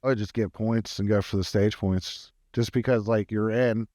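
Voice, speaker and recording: A man co-hosting a sports betting podcast, working through numbers in an analytical, halting way. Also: on the low side, steady tone, a little mellow, no room sound, clean studio sound. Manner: analytical, many fillers and restarts. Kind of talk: casual sports betting chat.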